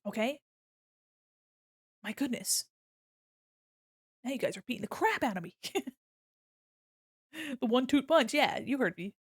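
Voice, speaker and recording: A woman's voice: fairly high pitch, very animated, moderate pace, long pauses, slightly rough, no room sound, studio quality. A woman streaming while she draws, chatting casually with her viewers, playful and mock-offended, laughing often. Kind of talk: casual live-stream chat while drawing.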